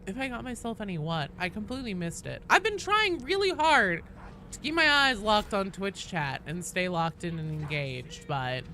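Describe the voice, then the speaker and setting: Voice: mid-range voice, lively intonation, moderate pace, noisy background. A game streamer in casual live-stream chat while gaming, rambling with lots of fillers and restarts in a Valley Girl-like way of talking.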